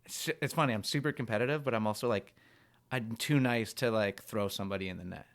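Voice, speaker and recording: A young man from Canada, a pro freeskier, telling a rambling, animated story on a podcast and saying "like" a lot. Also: fairly low pitch, fast talker. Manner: animated, rambling anecdotes full of "like".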